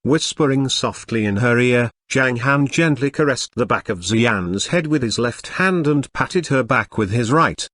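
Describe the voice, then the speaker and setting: A synthetic male narrator reading a web novel audiobook in a steady storytelling manner. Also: medium pitch, measured pace, hardly any pauses, no room sound, clean studio sound.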